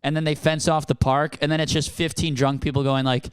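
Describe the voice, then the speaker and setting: A man's voice: on the high side, a little fast, clean tone, no room sound. A young man on a comedy podcast, telling a story with lots of acted-out quotes in a casual chat. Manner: animated storytelling, acts out cops and himself in quoted voices.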